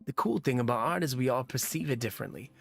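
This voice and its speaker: A man's voice: mid-range voice, expressive, quick pace, vocal fry, fairly bright tone. A man voicing a laid-back, easygoing suburban dad who calls people bro.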